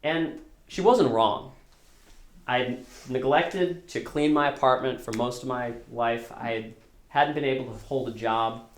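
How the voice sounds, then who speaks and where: A man's voice: mid-range voice, a little slow, reverberant. A man telling a true story on stage at a storytelling concert, conversational and self-deprecating, with frequent restarts. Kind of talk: live storytelling performance.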